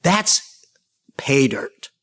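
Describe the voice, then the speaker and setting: A man giving a training talk on listening, anecdotal and humorous with lively asides. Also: mid-range voice, drawn-out words. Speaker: communication trainer.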